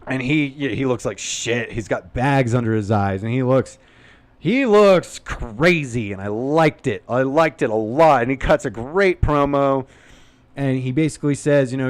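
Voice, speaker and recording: A man's voice: mid-range voice, expressive, normal speed, dry recording. A man hosting a casual, unscripted recap of a show, rambling and opinionated and swearing freely. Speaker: YouTube wrestling recap host.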